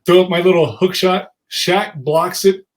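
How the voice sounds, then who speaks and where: Fairly high-voiced male co-host who asks long, conversational questions. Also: unhurried. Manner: conversational, rambling questions with restarts. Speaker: podcast co-host, former pro basketball player. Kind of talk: interview chat.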